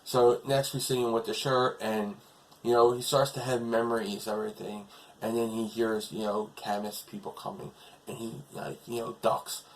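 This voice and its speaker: A man's voice: fairly low pitch, flat delivery, normal speed, low-quality recording. A man casually retelling a TV episode as a reviewer, rambling along with lots of fillers.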